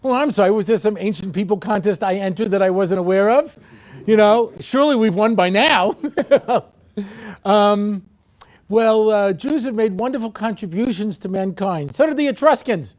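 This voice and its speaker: A man in his sixties giving a humorous lecture as a rabbi, telling wry, animated stories with comic voices. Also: sits high, moderate pace.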